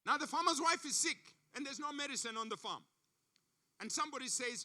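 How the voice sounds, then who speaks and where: A man's voice: very high voice, expressive, brisk, pushed and bright. A man from Africa giving a sermon as a guest preacher, telling stories with emphatic repetition. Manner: emphatic storytelling, repeats phrases. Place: church service.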